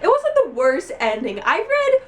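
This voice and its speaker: A young woman reviewing a book in a casual vlog, gushing and excitable, with lots of "like" fillers. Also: very high-pitched, normal speed. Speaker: book vlogger.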